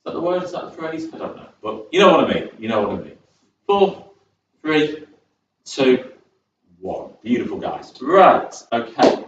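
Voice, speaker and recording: Chatty fitness instructor. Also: male voice, medium pitch, fairly bright tone, slight background noise. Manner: chatty, encouraging, rambling asides. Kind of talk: chair exercise class instruction. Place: community sports centre. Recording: echoey hall, distant, dull sound.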